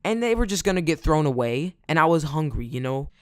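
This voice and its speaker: A man's voice: fairly high pitch, big pitch swings, brisk, no echo, studio quality. A man telling a casual storytime in a rambling way, full of fillers. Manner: rambling, filler-heavy, "like" every few words. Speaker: vlogger.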